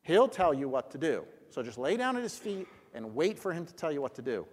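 A man leading a Bible study discussion, explaining a passage in an animated, storytelling way and acting out what the people said. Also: fairly high pitch, a little fast. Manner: animated storytelling, acts out lines. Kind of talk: teaching discussion. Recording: long hall reverb.

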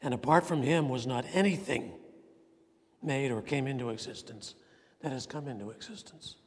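A man preaching a sermon with earnest emphasis, swinging between ringing points and quiet, intense asides. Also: mid-range voice, normal speed. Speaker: pastor. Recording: long reverb of a large hall.

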